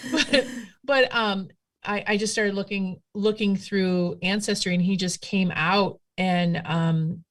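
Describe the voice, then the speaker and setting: Telling stories a touch slowly in a medium-pitched voice, this witchcraft practitioner is a guest in a laid-back conversation. She's chatty and animated, wandering off on tangents and using many fillers.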